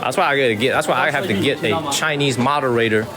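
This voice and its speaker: Crowd noise surrounds this livestream host from Chicago, USA, who speaks fast at a medium pitch in his Chicago accent. Outdoors in a Chinese water town, he chats casually with viewers, talking emphatically, repeating himself, and thanking people by name.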